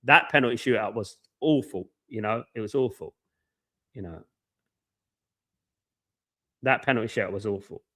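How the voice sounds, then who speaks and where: A man's voice: lowish voice, moderate pace, long pauses, bright, forceful tone. A man hosting a live football watchalong, ranting with passion and repeating himself. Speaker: watchalong host.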